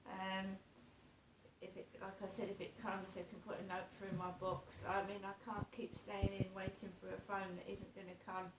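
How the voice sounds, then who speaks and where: A gravelly-voiced, middle-aged woman talks through her morning in a chatty, rambling way, circling back to the same points. She sounds a little distant from the mic, and the room gives her voice a noticeable echo. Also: mid-range voice, monotone, normal speed, background noise. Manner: chatty, rambling, repeats herself. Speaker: vlogger. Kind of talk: casual morning vlog. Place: home, indoors.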